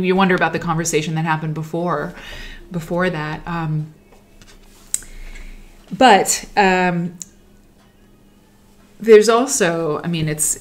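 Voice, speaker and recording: Low-voiced woman telling stories casually. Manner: rambling, reflective, trails off. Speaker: livestream host. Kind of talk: casual livestream storytelling. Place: at home while sewing.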